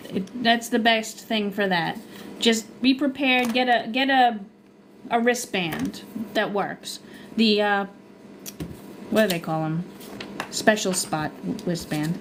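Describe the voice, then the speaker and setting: A woman with a Long Island accent talks her viewers through cruise questions on a casual livestream. She is chatty and easily sidetracked, and her voice sits a little high. A faint hiss runs under the recording. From Long Island, New York. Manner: chatty, loses her train of thought. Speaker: travel agent and cruise livestreamer.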